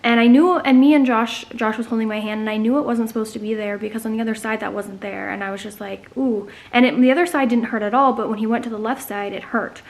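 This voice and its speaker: A woman's voice: on the high side, fairly even intonation. Chatty young woman vlogger. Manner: chatty, fast, many fillers like "um" and "like". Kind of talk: casual storytelling to camera.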